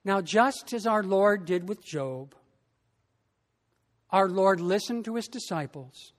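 A pastor preaching a sermon in a slow, emphatic way, with long pauses between phrases. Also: mid-range voice, lively intonation, big-room sound.

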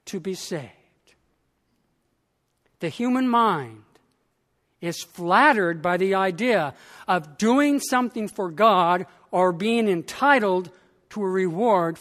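A male pastor preaching with a high voice and an unhurried, deliberate delivery. He leans on each phrase with dramatic pauses. His words ring out with a long church-hall reverb. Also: fairly bright tone. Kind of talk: sermon.

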